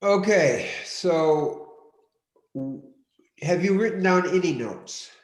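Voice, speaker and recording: A man's voice: high voice, animated. Man teaching in a roomy, echoing space. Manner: deliberate, repeats key points, directive. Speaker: workshop teacher. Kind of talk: live online teaching session. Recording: roomy echo.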